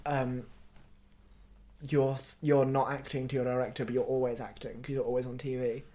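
A comedy podcast co-host in casual chat. The talk is animated and full of giggles. Thoughts often trail off and restart. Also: medium pitch, moderate pace.

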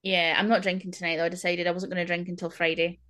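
A woman co-hosting a podcast, chatting casually with quick reactive comments. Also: lowish voice, level tone, fairly bright tone, dry recording, clean studio sound. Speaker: podcast co-host. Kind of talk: casual chat.

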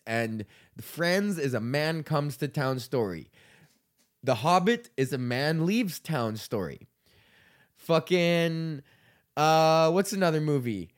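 Rambling, foul-mouthed man. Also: fairly high pitch. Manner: swearing, laughing, loose and rambling. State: sick. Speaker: podcast host. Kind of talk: casual rant.

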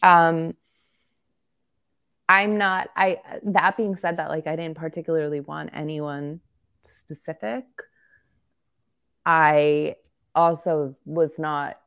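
A woman co-hosts a sports podcast in a rambling, candid style, joking as she goes. Her voice sits low with a gravelly fry. A slight cough lingers in her throat. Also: fairly even intonation, takes it slowly, long pauses, fairly bright tone. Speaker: podcast co-host. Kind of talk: casual sports chat.

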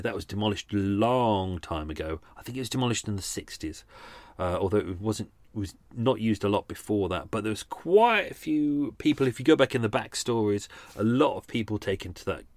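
Rambling low-voiced man hosting a podcast. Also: animated, normal speed, no echo. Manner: rambling, hesitant, lots of fillers and restarts. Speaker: podcast host. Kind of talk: casual storytelling and quiz.

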